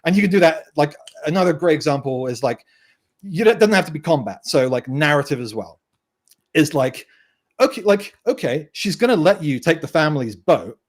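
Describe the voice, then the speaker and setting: A man chatting casually as a guest game designer, telling tabletop stories in an animated way and swearing freely. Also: on the high side, moderate pace. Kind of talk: casual chat.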